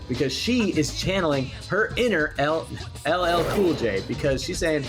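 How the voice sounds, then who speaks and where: Give me a playful, laughing man co-hosting a casual show, slightly high voice. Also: expressive, a little slow, over music. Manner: playful, jokey, laughs often. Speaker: podcast co-host. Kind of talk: casual comedic banter.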